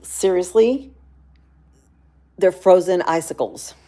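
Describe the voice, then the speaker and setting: A woman's voice: fairly low pitch, slow pace, dark tone. A woman chatting casually on a livestream, reading viewers' comments aloud and answering them. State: chilled from the cold. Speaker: livestream vlogger.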